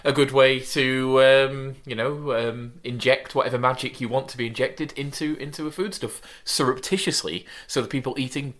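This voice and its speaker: A man's voice: mid-range voice, fairly even intonation, moderate pace, hardly any pauses, fairly bright tone. A man co-hosting a casual podcast, talking in a rambling, hesitant way with many ums. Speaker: podcast co-host. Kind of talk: casual comedic chat.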